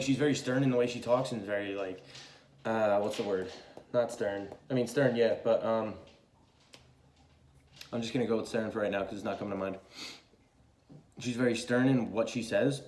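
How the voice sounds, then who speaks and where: A man's voice: lowish voice, normal speed, long pauses, a little mellow, echoey room. A young man giving a casual, chatty tarot reading, swearing freely and talking loosely. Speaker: tarot reader.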